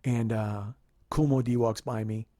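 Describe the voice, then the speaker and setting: A podcast host telling a comedic story in an animated, profane, rambling way. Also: male voice, mid-range voice, measured pace, no room sound, studio quality.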